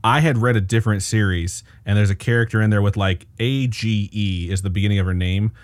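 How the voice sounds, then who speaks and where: A young adult man with a fairly low voice, co-hosting a podcast from his home studio in an irreverent, laughing way with plenty of swearing. The recording is dry and close. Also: fairly even intonation, brisk, no echo. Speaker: podcast co-host. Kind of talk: casual podcast chat.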